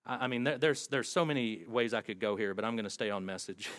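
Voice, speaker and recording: Male pastor, sermon delivery, lively emphasis, dry close-miked sound. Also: on the low side, fairly quick, no room sound. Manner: animated preaching, quoting scripture in a dramatic voice.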